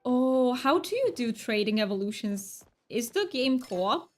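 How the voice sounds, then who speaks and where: A chatty woman streaming a game, her voice a touch higher than most. She rambles along with plenty of fillers and quick self-corrections. Soft game music plays quietly behind her. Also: expressive. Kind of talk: casual gaming stream chat.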